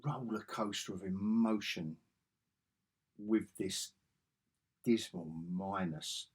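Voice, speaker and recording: A man's voice: on the low side, slow pace, slightly rough. A man giving a casual video review, ranting sarcastically and exasperatedly, with frequent restarts. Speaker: film reviewer.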